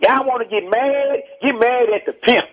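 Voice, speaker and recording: Texas guy ranting on the phone, highish voice, kinda muffled line, keeps hammering his points. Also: normal speed. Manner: forceful, lecturing, repeats points. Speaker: rapper guest. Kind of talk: heated phone interview. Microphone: telephone.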